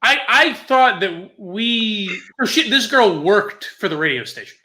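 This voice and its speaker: Animated, laughing young man telling stories. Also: sits high, a little slow. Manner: laughs often, swears, animated retelling. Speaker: podcast co-host telling a story. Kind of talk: casual storytelling chat.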